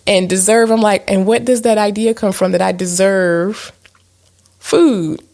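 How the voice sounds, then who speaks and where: Gravelly, candid woman podcaster. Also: mid-range voice, fairly even intonation, a little slow, a little mellow. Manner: candid, self-mocking, chatty with many fillers. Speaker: podcast co-host. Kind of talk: casual chat.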